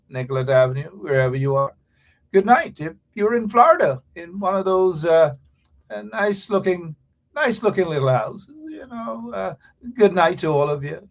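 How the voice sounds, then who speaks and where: A man hosting an online political talk show rambles between topics with many fillers and pushes hard on key words. His voice sits slightly high for a man. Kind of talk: casual political commentary.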